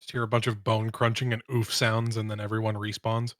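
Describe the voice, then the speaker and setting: A man chatting casually with his tabletop group, tossing in deadpan jokes. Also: on the low side, brisk, no echo, clean studio sound. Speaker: tabletop game player. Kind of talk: casual chat among players.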